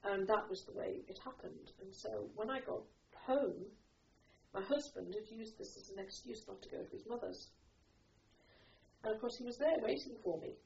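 A woman's voice: on the high side, normal speed, gravelly, darkish tone. A middle-aged woman telling a personal story, rambling, with many restarts and "you know"s. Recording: distant muffled recording with faint noise.

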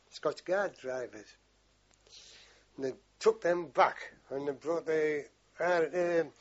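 Older veteran, husky voice, a bit high, swears freely, rambling yarns on dull lo-fi tape. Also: male voice. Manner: rambling, salty storytelling with frequent swearing. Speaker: veteran interviewee. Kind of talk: oral history interview.

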